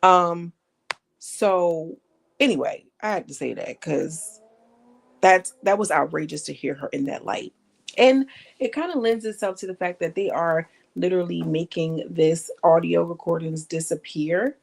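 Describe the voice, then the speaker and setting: A woman commenting in a casual gossip vlog, animated, emphatic, slangy and blunt. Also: lowish voice, unhurried, gravelly. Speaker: online commentator.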